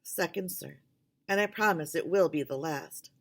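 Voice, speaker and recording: A woman reading the lines of a cool, defiant male scientist, with measured, clipped replies. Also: sits low. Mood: deferential.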